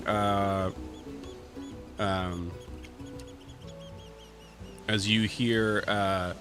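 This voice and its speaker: Male game master, bright edge to the voice, rambling narration full of ums. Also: fairly low pitch, faint music behind. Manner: halting, many fillers and restarts.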